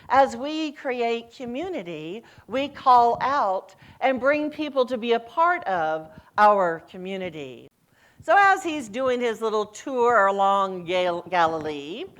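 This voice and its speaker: Woman preaching with lively storytelling. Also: a little high, a little slow. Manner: lively storytelling, voice rising and falling, acts out quoted lines. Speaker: senior minister. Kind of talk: sermon.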